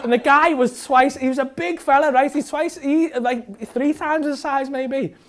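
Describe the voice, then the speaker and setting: A man's voice: very high voice, moderate pace, a bit bright, some chatter behind. A man doing stand-up, retelling a night out in a rambling, sweary style and ending lines with "right?". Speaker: stand-up comedian. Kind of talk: stand-up storytelling. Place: comedy club stage. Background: audience laughter.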